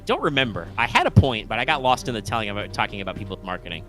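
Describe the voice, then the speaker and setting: A man's voice: fairly low pitch, big pitch swings, rapid-fire, sharp tone, soft background music. A young man co-hosting a live stream, chatting casually in a rambling, self-interrupting way with frequent swearing. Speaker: co-host of a live stream show.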